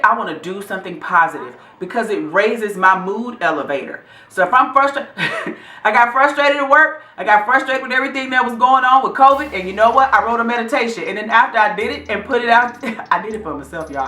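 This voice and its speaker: A woman's voice: on the high side, lively intonation, fairly quick, sharp tone, roomy sound. A middle-aged woman hosting her own vlog, talking casually and encouragingly to her viewers and calling them y'all. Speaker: vlog host.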